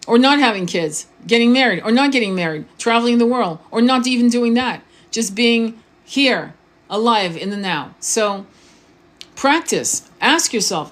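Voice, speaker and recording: A woman's voice: fairly high pitch, expressive, measured pace. Blunt, swearing woman spiritual coach. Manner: informal and blunt, swears freely, restarts words; asks the viewer questions often. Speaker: spiritual coach and tarot reader. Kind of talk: casual live-stream monologue.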